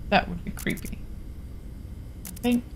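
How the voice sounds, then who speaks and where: A young Finnish woman with a Finnish accent chats through a horror game stream, jumpy and often dropping to a whisper. She speaks unhurriedly into a desktop studio mic, with a little hiss or hum audible.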